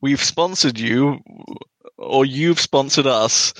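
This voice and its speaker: Male co-host, deadpan teasing humor, dry close recording. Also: medium pitch, takes it slowly, no room sound. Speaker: podcast co-host. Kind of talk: casual podcast banter.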